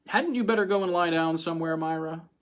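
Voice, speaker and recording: Brief: male reader voicing a brusque husband, hurried, a little higher. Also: lightly acted. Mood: impatient. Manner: quick, impatient. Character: impatient, smooth younger husband.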